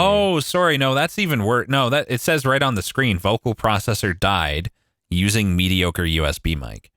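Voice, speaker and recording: A man's voice: on the low side, animated, normal speed, a bit bright, dry recording. A man chatting casually on a livestream, swearing freely and saying "like" a lot, recorded on a studio condenser mic at home.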